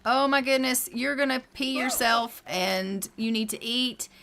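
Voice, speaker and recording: A woman's voice: high voice, a little slow, a crowd in the background. A woman streaming a life sim game, chatting playfully through casual gameplay commentary. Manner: chatty, playful, voices her game characters.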